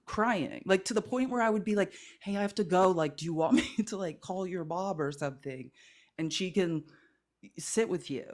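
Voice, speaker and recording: A woman guest in a casual conversation, telling a personal story in an earnest, rambling way with many fillers. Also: lowish voice. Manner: earnest, rambling, heavy use of 'like'. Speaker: guest creator.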